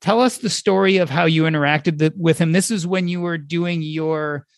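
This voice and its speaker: Dry, slightly high-voiced male interviewer. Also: dry recording. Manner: measured, lays out context before asking. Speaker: interview host. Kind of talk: interview questions.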